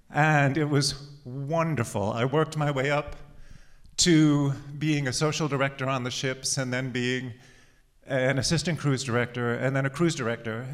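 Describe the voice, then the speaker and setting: Man, slightly breathless, conversational storytelling, middle pitch. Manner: conversational storytelling with laughs and pauses. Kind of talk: personal life story told to an audience.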